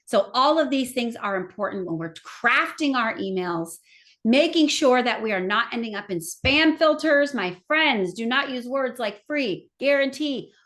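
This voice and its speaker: A middle-aged woman leads a live marketing seminar with plenty of enthusiasm, talking straight to the people in front of her. Her voice sits a little high. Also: a little slow. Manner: enthusiastic, animated, addresses audience directly. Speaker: marketing trainer.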